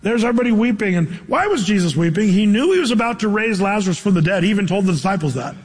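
Preaching in a chatty style, this pastor fires off rhetorical questions to the congregation, his volume rising and falling. His voice is high-pitched and slightly rough, very animated and rapid-fire. A long reverb from the big hall trails every line.

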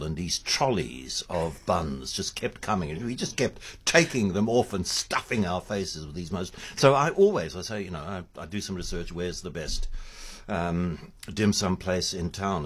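A man's voice: low voice, animated, moderate pace, husky. A man hosting a radio show, chatty and enthusiastic, talking in the studio. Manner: chatty, laughing, enthusiastic about food. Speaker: radio host. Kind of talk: radio talk show chat.

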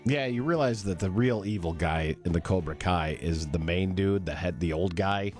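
A man's voice: sits low, moderate pace, soft background music. A man chatting casually on a podcast, telling stories and acting out quotes. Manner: animated storyteller, acts out quotes.

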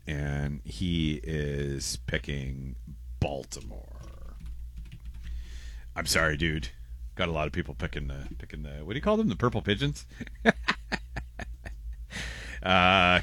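A man's voice: extremely low pitch, sharp tone, no echo. A man co-hosting a casual morning radio show, reading out listener messages and rambling with restarts and laughs. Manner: rambling, self-interrupting, laughs often.

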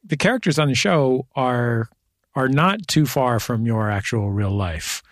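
A man hosting a radio interview, asking relaxed, curious questions. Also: mid-range voice, a little slow, dry recording, studio quality. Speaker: interview host.

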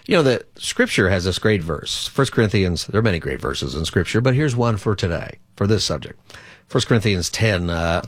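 A man hosts a call-in radio show as a pastor, chatting loosely with plenty of fillers. His voice sits on the low side and sounds close and dry in a studio. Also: animated, moderate pace, no echo. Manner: chatty, conversational, rambling with fillers.

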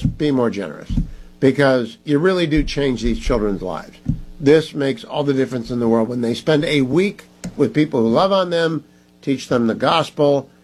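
A man's voice: medium pitch, darkish tone, poor audio. A man hosting a talk radio show, speaking emphatically and urging listeners to donate. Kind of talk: conservative talk radio monologue.

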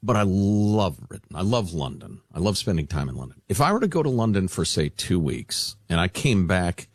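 A man's voice: low-pitched, very animated, moderate pace, slightly rough, no room sound, clean studio sound. A man co-hosting a talk radio show in playful, joking banter with mock-grandiose asides. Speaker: radio co-host.

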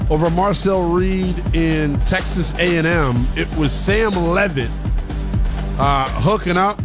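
Man hosting sports talk radio, excitable, emphatic, slangy, slightly high voice, faint music underneath.

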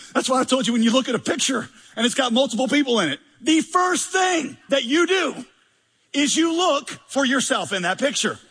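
A man's voice: high-pitched, bright, forceful tone, husky, in a large hall. A male pastor preaching a sermon in a conversational, humorous, emphatic way with many rhetorical questions.

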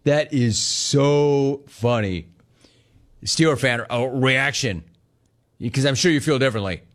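A sports talk radio host delivers a sarcastic, mocking monologue, reading listener messages and laughing at callers. He speaks slowly in a mid-range, slightly bright voice.

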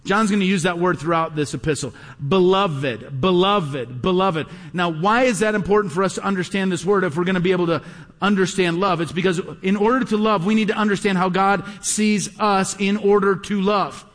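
A man's voice: high voice, fairly even intonation, a little fast, a bit bright. A middle-aged male pastor preaching a sermon with emphatic repetition and rhetorical questions, recorded live in a large church. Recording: live sermon with long hall reverb.

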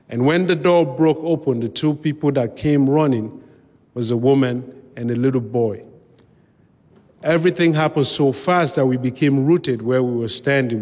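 A man recounting his own past in a measured, vivid way, pausing now and then to restart a phrase. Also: mid-range voice, darkish tone. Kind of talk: personal storytelling talk. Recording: long hall reverb.

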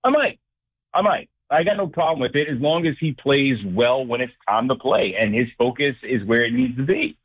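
A man who works as a sports director and anchor, a guest on a sports talk show, talking in an emphatic, animated way. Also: mid-range voice, normal speed, slightly rough. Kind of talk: casual phone-in sports chat. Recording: tinny phone line.

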